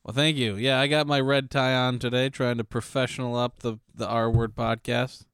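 Male podcast host, smooth resonant voice, dry close sound, wry and keeps things moving. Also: mid-range voice, little pitch movement, normal speed, a bit bright, no room sound. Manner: wry, steers the conversation. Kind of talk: casual podcast banter.

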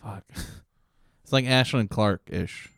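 A man's voice: lowish voice, slow, gravelly, fairly bright tone, dry recording, studio quality. A man rambling, swearing podcast co-host. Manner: loose, profane, trails off mid-sentence. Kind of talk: casual chat.

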